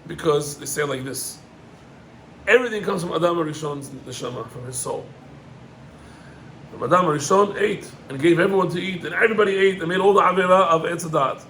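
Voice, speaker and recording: A middle-aged man, a rabbi, gives an animated Torah lesson, climbing in pitch on emphatic points and mixing in Hebrew terms. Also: fairly quick, a little hiss or hum, poor audio.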